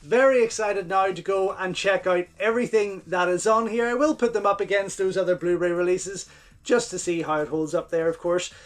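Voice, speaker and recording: Hosting his own channel about home video releases, a man gushes through a casual unboxing commentary, repeating his words of praise. His voice is high and brisk, with fairly even intonation.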